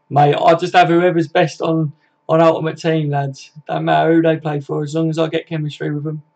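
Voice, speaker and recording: A young man chats loosely on a home live stream, swearing and calling everyone "mate". His voice sits a bit high and stays fairly flat in pitch. The audio is dull and lo-fi. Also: a little fast, creaky. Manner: chatty, laddish, swears freely, says "mate" a lot. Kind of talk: casual live stream chat reading viewer comments.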